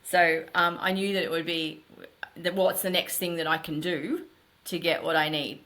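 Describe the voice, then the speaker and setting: A middle-aged woman, a podcast guest, telling her story in a candid, animated and emphatic way. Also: fairly low pitch, moderate pace. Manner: animated, emphatic, runs thoughts together.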